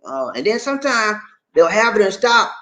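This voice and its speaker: A man chats on a casual live stream, his fairly high voice swinging up and down as he acts out little shop conversations. He repeats phrases for emphasis. The room throws back a noticeable echo. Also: normal speed. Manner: animated, acts out shop dialogues. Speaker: vlogger living abroad. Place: indoors, in the Philippines.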